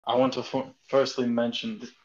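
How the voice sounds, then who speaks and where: A man playing in a tabletop game, talking in a brash, excitable way and swearing. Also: medium pitch, moderate pace, highs cut off. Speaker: player.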